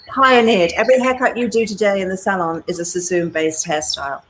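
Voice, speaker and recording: A British woman in her sixties, an animated storyteller who talks straight to her listeners in an interview. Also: medium pitch, brisk, low-quality recording. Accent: British English. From England. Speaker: guest hairdresser and educator.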